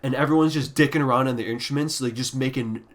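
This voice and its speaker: A man's voice: mid-range voice, fast talker. Blunt, profane male music reviewer. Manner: trails off into quiet, deflated mutters. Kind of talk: casual ranking review.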